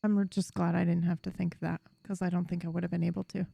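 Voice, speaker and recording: A woman's voice: lowish voice, level tone, quick pace, vocal fry, warm tone, dry recording. A woman playing a tabletop game in casual chat, swearing freely and laughing often. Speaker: player.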